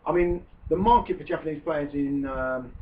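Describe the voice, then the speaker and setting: A man's voice: a little high, normal speed. A man hosting a casual football podcast, chatting and joking as he talks through transfers. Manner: chatty, joking, puts on mock French accent in quotes. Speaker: podcast host. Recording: distant lo-fi phone-like sound with faint hiss.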